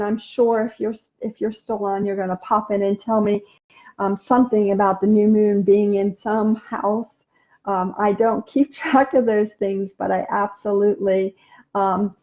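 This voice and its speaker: A woman's voice: medium pitch, highs cut off. A woman hosting a casual inspirational live stream, chatting and answering viewer comments with many ums and restarts.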